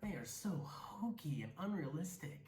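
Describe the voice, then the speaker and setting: A man's voice: fairly high pitch, sing-song, moderate pace, a little mellow, echoey room, slight background noise, pitched above the performer's own voice. A man voicing a grumpy cynical young man in a screenplay reading, dry and irritable.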